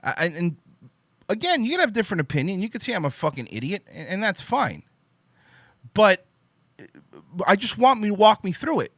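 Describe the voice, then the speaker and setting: Young male podcast host, high bright voice, emphatic profane ranting, dry close sound. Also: very animated, normal speed, long pauses, dry recording. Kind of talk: casual opinion monologue.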